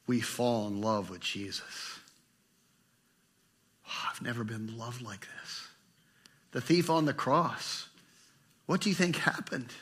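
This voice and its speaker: Fervent preacher man with a bright voice. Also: medium pitch. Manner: passionate, swinging between fervent and hushed. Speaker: pastor. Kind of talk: sermon.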